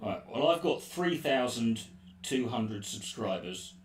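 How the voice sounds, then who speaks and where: A man's voice: mid-range voice, lively intonation, slow pace. A man ranting sarcastically and swearing freely while answering a live stream chat. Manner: profane, sarcastic, rambling. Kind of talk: casual live-stream rant. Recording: roomy echo, distant mic, faint noise.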